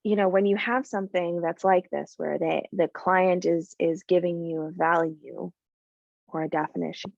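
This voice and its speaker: A woman's voice: fairly low pitch, fairly even intonation, normal speed, creaky, dry recording, lo-fi sound. A woman teaching a live coding class, thinking aloud with many fillers and talking bluntly about clients. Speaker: coding bootcamp instructor.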